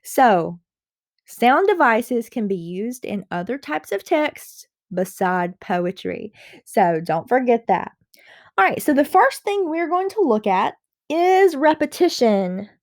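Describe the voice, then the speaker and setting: A woman gives a reading lesson in a dry, close recording with no room sound. She explains each point patiently, repeats it and fills pauses with um. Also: on the high side, a little mellow, no room sound. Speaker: reading teacher.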